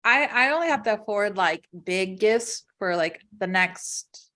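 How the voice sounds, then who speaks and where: A woman's voice: mid-range voice, animated, a little slow, bright, forceful tone. A woman in her thirties chatting casually about motherhood, rambling and saying "like" constantly. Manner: rambling, heavy use of "like". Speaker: podcast co-host. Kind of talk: casual chat.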